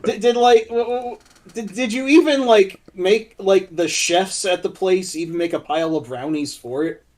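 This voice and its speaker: A podcast co-host with a fairly high voice, chatting casually. He is wordy and playful and likes to quote lines from comedies. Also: normal speed, a little mellow. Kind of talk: casual chat.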